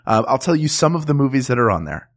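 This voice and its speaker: An easygoing man co-hosting a comedy podcast, chatting loosely and laughing often. His voice sits at a middle pitch, and he restarts his sentences as he goes. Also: big pitch swings, fast talker. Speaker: podcast co-host. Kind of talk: casual comedic chat.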